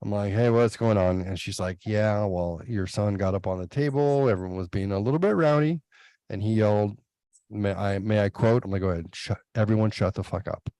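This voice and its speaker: A man's voice: on the low side, a little fast, no echo. A man in his thirties telling family stories in a casual chat, acting out quoted lines with a raised voice. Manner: animated, acts out quotes in raised voice.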